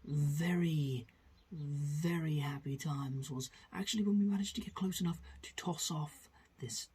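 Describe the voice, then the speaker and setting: A man imitating an older male nature documentary narrator in a soft, hushed whisper. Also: on the high side, measured pace, husky.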